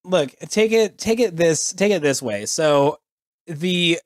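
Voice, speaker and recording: A man's voice: fairly high pitch, expressive, takes it slowly, dry recording, studio quality. An American man with an American accent, co-hosting a casual podcast and rambling jokily. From United States. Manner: jokey, rambling, plugs his channel. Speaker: podcast co-host. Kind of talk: casual chat.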